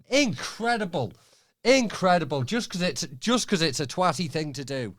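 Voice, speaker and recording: A man appearing as a guest on a casual film podcast, talking in an animated, crude and jokey way. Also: on the high side, slow pace, long pauses.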